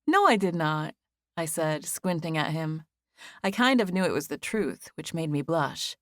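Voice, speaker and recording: A woman's voice: low voice, normal speed, dry recording, studio quality. Woman narrating a first-person novel. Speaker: audiobook narrator.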